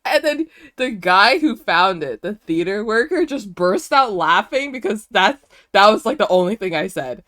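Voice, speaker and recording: A woman's voice: medium pitch, animated, normal speed, fairly bright tone, no echo, clean studio sound. A young woman streamer telling a casual story to her chat, chatty, with lots of fillers. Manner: chatty, many fillers, bursts of laughter.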